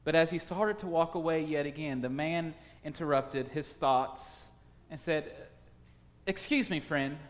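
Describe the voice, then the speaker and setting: A man telling a story aloud, acting out the dialogue in an animated way. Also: a little high, unhurried. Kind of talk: spoken storytelling. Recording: long hall reverb.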